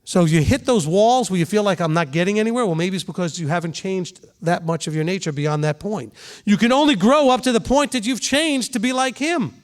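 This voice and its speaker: Man, middle-aged, high voice, rabbi, conversational sermon, questions to the congregation. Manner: conversational preaching, asks the room questions, voices quick examples.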